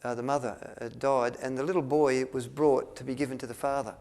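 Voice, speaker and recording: A man tells a story to an audience. He rambles, restarts his sentences often and fills pauses with ums. He acts out the lines he quotes. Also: mid-range voice, fairly even intonation, darkish tone. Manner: rambling, with many restarts and fillers, acting out quotes. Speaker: speaker at a health retreat.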